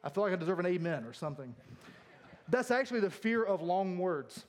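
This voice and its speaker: High-voiced joking male preacher. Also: animated, fairly quick. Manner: jokey, self-deprecating, laughs often. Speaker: pastor. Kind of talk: humorous sermon.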